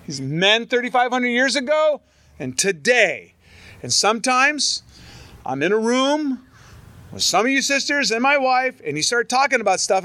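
A man's voice: sits high, no room sound. A middle-aged man preaching a sermon, reading scripture aloud and riffing on it with humor and stories. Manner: animated, storytelling, reads scripture aloud then riffs with humor. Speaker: pastor.

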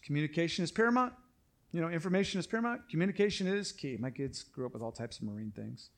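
A middle-aged man delivers a sermon from the pulpit in a somewhat raised voice for a man. He is emphatic and repetitive, often slowing down so that his main points land. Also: a little high, lively intonation. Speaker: pastor.

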